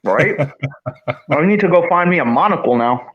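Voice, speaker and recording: A man telling a funny personal story in a casual, animated way as co-host. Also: normal speed. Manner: animated, swings pitch up for quoted lines. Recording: dull lo-fi audio.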